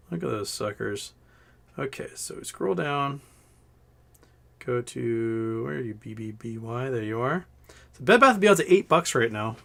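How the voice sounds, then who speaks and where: With a mid-range voice that's a bit bright and carries vocal fry, a livestream host chats casually. His throat is slightly scratchy after illness, and he rambles and jokes while going through questions from viewers.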